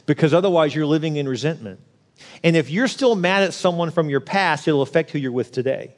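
A pastor with a slightly higher-pitched voice preaches a sermon, telling his story earnestly and expressively at a somewhat fast pace, hammering his points home with emphasis.

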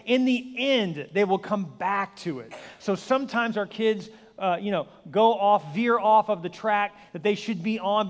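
A male pastor in his forties delivers a joking sermon in a quick, high voice, telling stories energetically with acted-out voices and self-deprecating humor. The reverberant church gives the recording a long hall reverb.

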